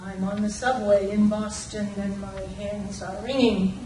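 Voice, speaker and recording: An older woman from Massachusetts performing a personal story live, animated and slipping into voices and bits of song. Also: medium pitch, a little slow. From Lawrence, Massachusetts. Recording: roomy, distant from the mic, faint room noise.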